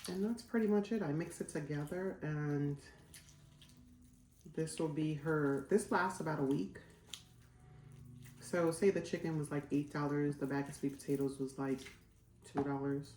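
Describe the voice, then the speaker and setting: A woman's voice: low-pitched, steady tone, moderate pace, long pauses, a little mellow, echoey room. A woman in her forties, chatting casually as a vlogger while cooking at home, rambling with lots of fillers. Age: 40s.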